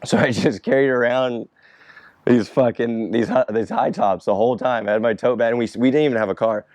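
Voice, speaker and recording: A man's voice: mid-range voice, steady tone, fairly quick, a little mellow, no echo. A young man in casual chat, answering fan questions about skateboarding in a loose, rambling way, swearing freely and laughing often.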